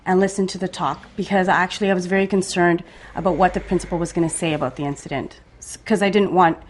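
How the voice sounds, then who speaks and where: A woman from Canada, a parent guest, telling her story in measured detail in conversation. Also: on the low side, fairly even intonation, a little hiss or hum.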